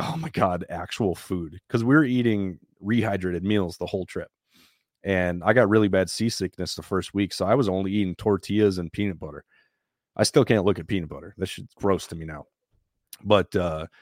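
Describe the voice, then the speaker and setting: A man telling a story in a casual, plain-spoken and animated way, sometimes swearing. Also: fairly low pitch, no room sound, clean studio sound.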